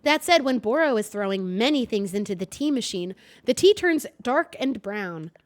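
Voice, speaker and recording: A woman's voice: on the high side, animated, normal speed, lightly acted. Woman playing a prim little tea shop creature. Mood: explaining. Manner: formal, speaks of itself in the third person. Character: gentle small creature who runs a tea shop.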